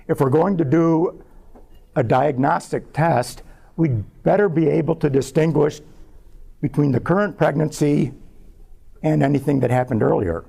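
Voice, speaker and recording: A man, a scientist, giving a public talk as a measured personal story about his research. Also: mid-range voice, vocal fry, warm tone, breathy edge. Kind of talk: lecture told as a personal story.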